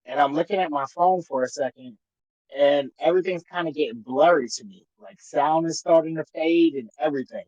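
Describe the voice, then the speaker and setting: A man's voice: a little high, a little fast, no echo, dull audio. A man co-hosting a podcast, telling a long story in a casual, profane way and acting out what people said. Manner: animated, profane storytelling with acted-out quotes. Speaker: podcast co-host.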